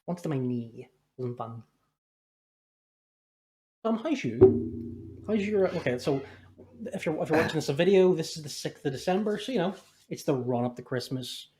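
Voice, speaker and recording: A man's voice: medium pitch, a little fast, darkish tone, slight background noise. A man hosting a podcast in a loose, rambling way. He jokes constantly and swears without a second thought. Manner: rambling, jokey, swears freely. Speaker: podcast host. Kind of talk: casual podcast chat.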